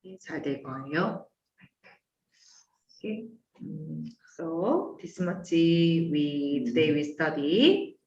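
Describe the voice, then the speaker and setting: A woman's voice: low-pitched, normal speed, darkish tone, reverberant, recorded from a distance, dull audio. A woman with a Korean accent teaching a beginner language class, repeating phrases and checking in with her students. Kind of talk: online language lesson.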